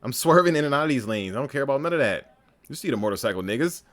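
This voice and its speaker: A man's voice: medium pitch, animated, quick pace. A man giving casual, profane reaction commentary on a stream, talking animatedly and laughing often.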